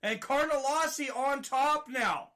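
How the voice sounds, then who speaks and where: A man giving excited live play-by-play fight commentary, rising to shouts at big moments. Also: very high-pitched, a little slow.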